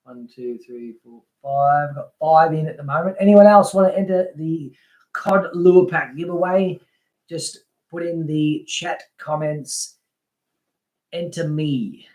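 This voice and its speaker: On his laid-back fishing livestream, a man calls out names from the chat, talks loosely and laughs frequently. His voice is a little high and a little mellow, and his pace is slow.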